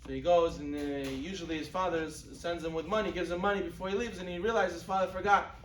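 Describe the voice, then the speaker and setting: Male rabbi lecturer, lively storyteller, slightly high voice, distant mic with a faint hum behind. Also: fast talker. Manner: acts out quoted dialogue, rising in pitch for characters; peppers speech with Hebrew and Yiddish religious terms. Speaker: rabbi giving a Torah class. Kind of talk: sermon-style lecture with storytelling. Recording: echoey room, speaker off-mic.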